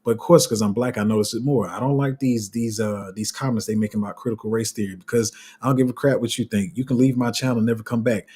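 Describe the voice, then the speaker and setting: Husky-voiced man ranting on a livestream. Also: lowish voice, fairly even intonation, fast talker, hardly any pauses, dark tone. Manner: passionate, heated ranting with many restarts. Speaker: crypto channel host. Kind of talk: casual livestream commentary.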